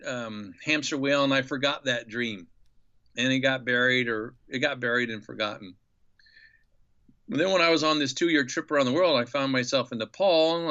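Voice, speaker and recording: A man's voice: medium pitch, bright, forceful tone, muffled recording. Reflective man telling a travel story. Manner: enthusiastic, reflective storyteller with many fillers. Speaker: guest. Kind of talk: storytelling in a podcast interview.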